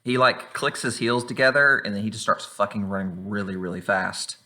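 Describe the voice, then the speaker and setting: Male game master, relaxed rambling narration; low-ish, bright edge. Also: normal speed. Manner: loose, rambling, fillers and swearing. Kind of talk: narrating a tabletop game online.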